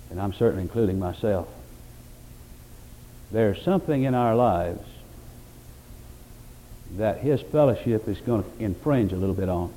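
A man preaching a sermon, rising to loud emphatic peaks and dropping to quiet reflective passages, quoting scripture in old-fashioned wording. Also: on the low side, a little hiss or hum, low-quality recording. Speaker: pastor.

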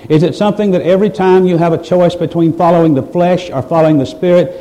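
A man's voice: high-pitched, mellow, poor audio. A man preaching a sermon, pressing his listeners with rhetorical questions and building to emphatic, raised passages. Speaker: pastor.

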